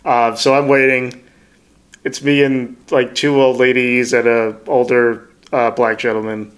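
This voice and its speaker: A man's voice: mid-range voice, level tone, a little slow, smooth. A man co-hosting a podcast in casual chat, rambling through anecdotes and laughing often. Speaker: podcast co-host.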